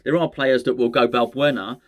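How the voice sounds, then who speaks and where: A man's voice: mid-range voice, steady tone, brisk. A man hosting a fan channel, chatting casually on his own about transfer rumours, with rambling, self-mocking asides and plenty of restarts. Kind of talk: casual solo football chat.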